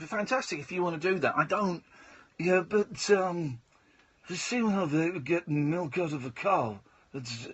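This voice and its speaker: Rambling husky radio host. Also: male voice, on the high side, fairly bright tone, muffled recording. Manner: rambling, jokey, stammering. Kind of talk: late-night radio chat. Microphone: studio microphone.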